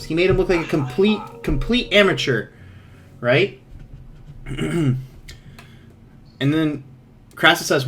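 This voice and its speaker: A man narrating as game master, rambling and halting, with many fillers and restarts. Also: on the high side, a bit bright, faint music behind.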